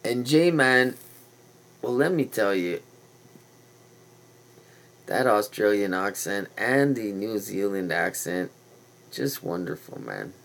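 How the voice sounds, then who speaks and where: A man's voice: fairly low pitch, lively intonation, slow, creaky, long pauses, a bit bright, poor audio. A man hosting a livestream, rambling in a casual, meandering and conspiratorial way with loose slang. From Canada. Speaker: livestream host.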